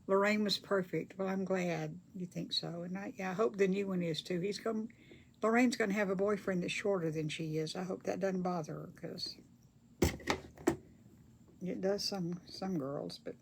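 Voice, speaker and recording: A woman's voice: on the low side, steady tone, normal speed, gravelly, noisy background. An older woman chats casually with viewers during a craft livestream, reading their comments aloud in a folksy way. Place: home craft table.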